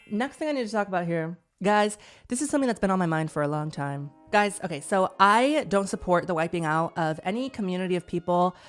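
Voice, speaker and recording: A young woman in her twenties hosting a podcast, talking in a casual, dramatic and rambling way that swings into excited outbursts. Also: on the low side. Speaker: podcast host. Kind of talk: casual chat with a sponsor read.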